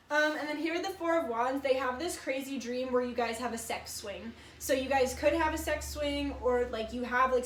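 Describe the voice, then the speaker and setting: A woman in her twenties giving a casual tarot reading, chatty and full of filler words and swearing. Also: fairly high pitch. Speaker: tarot reader. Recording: echoey room.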